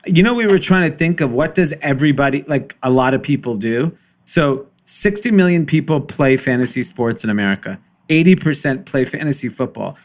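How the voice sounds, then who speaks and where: A man's voice: mid-range voice, animated, brisk, few pauses. A man co-hosting a podcast in casual chat, talking earnestly and citing figures. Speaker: podcast co-host.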